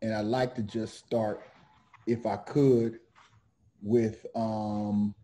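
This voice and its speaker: Slow, very dark-voiced earnest man. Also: fairly low pitch, flat delivery. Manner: slow, earnest, with many pauses and restarts. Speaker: author and criminal defense lawyer. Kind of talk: reflective talk with read-aloud book passage.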